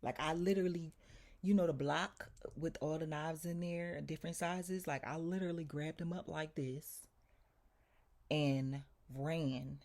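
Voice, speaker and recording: Low-voiced woman telling a story. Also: measured pace. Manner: animated, emphatic, addresses viewers directly. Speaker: vlogger. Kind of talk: casual storytelling to viewers.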